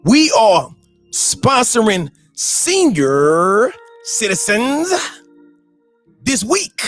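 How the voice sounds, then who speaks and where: A man imitating a fervent preacher, stretching each phrase slowly as if from the pulpit. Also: sits high, huge pitch swings, a bit bright, soft background music, pitched above the performer's own voice, full character voice. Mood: intoning, rousing. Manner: slow, stretched-out pulpit delivery.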